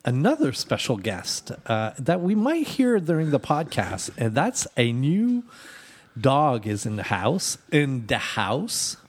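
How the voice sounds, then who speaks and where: A man's voice: medium pitch, huge pitch swings, takes it slowly, husky. A man hosting a podcast, talking in an easygoing way with many filler words. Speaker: podcast host. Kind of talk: casual chat.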